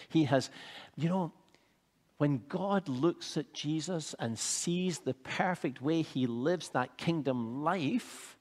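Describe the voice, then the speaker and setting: Earnest preacher in an echoey hall. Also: male voice, mid-range voice, a little mellow. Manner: measured and earnest, building to fervent emphasis. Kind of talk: sermon.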